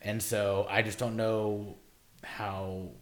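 Speaking slowly in a lowish, fairly flat voice, a young man co-hosting a podcast chats loosely. He rambles on, cusses plenty, and says "like" constantly.

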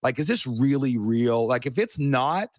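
A middle-aged man telling a personal story in a casual chat, animated and earnest, with a folksy way of talking. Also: medium pitch, a little slow, no echo, clean studio sound. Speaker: podcast guest.

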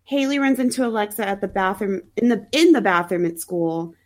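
A woman's voice: mid-range voice, animated, a little fast. Chatty wry woman recapping a movie. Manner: chatty, wry, laughs often. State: sounds sick. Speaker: podcast co-host. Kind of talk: casual chat recapping a movie.

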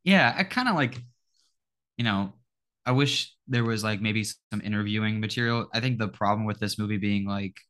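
Lively young man chatting with fillers. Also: on the low side, moderate pace. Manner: animated, lots of filler words, mimics film voices. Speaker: podcast co-host. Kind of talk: casual chat.

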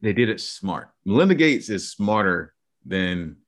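Deep-voiced argumentative podcast man. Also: sing-song, measured pace. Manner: argumentative, lays out theories at length. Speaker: podcast co-host. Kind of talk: casual chat.

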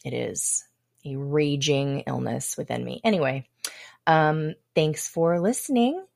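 A low-voiced woman chats loosely and irreverently as host of her own podcast, swearing freely and joking at her own expense. The sound is dry and close. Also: unhurried, vocal fry, a little mellow, no echo. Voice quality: irreverent, playful, profane. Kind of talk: casual chat.

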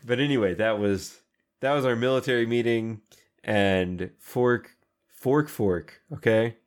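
A man's voice: mid-range voice, a little slow. A man casually recapping an anime episode, acting out the characters' lines and swearing freely. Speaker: podcast co-host recapping an anime. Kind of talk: casual chat.

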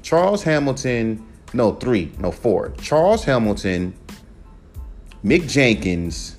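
A man hosting his own podcast, ranting casually and profanely about rap and his music with emphatic, animated delivery. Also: mid-range voice, slow pace. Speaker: podcast host and rapper. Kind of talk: casual solo podcast rant.

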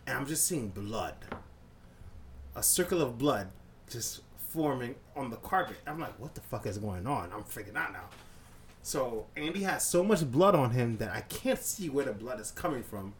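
Man, lively pitch, profane storyteller, acts out sounds, faint background hiss. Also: moderate pace. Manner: animated, profane, acts out scenes with sound effects. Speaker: podcast co-host. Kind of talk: casual storytelling chat.

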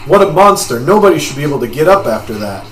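A man's voice: a little high, very animated, fast. A man casually narrating a video game playthrough, self-mocking about his character voices. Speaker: let's play commentator. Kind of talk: game playthrough commentary with voice acting. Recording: roomy echo, game music behind.

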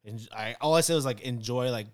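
On a casual podcast, a barber appearing as a guest tells a heartfelt story, earnest and emotional, and he's tearing up as he speaks. His mid-range voice moves a little fast with a clean tone, and he fills it with lots of fillers and restarts.

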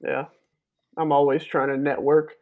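A man's voice: a little high, flat delivery, normal speed, narrow, tinny audio. A man on a podcast, chatting casually and telling loose, laughing stories with some swearing. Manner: laughing storyteller, loose and profane. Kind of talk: casual chat.

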